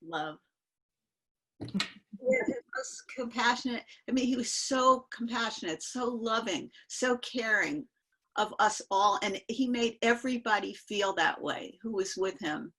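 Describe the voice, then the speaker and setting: A woman's voice: a little high, sing-song, measured pace, fairly bright tone, slightly rough, poor audio. An older woman telling a rambling personal story to friends on a video call, interrupting herself and laughing as she goes. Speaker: guest storyteller. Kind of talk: casual spoken storytelling.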